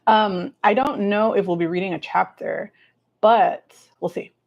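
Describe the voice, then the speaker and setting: A woman's voice: mid-range voice, steady tone, a little slow, gravelly. A woman in her forties from California, chatting casually with viewers on a livestream and laughing often. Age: 40s. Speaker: livestream host. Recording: slightly dull lo-fi sound.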